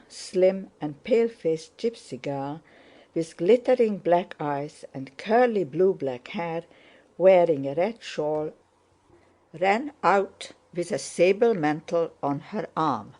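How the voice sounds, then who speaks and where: Woman reading an old novel aloud, low mellow voice, slow and even. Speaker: audiobook narrator. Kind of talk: scripted narration.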